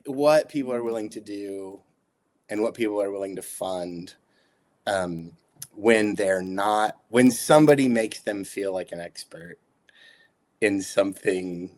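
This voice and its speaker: A man co-hosting a podcast, halting and searching for words, with dry humor. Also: on the low side, darkish tone. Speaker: podcast co-host. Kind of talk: podcast conversation.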